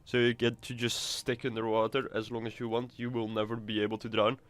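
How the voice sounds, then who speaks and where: A man's voice: mid-range voice, flat delivery, a little fast, smooth. A man giving casual, rambling gameplay commentary, swearing now and then. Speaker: gamer.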